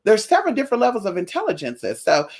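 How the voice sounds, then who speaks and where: A young woman vlogging in a casual chat with her viewers, blunt and profane, telling animated stories. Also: mid-range voice, quick pace, husky. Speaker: spiritual vlogger.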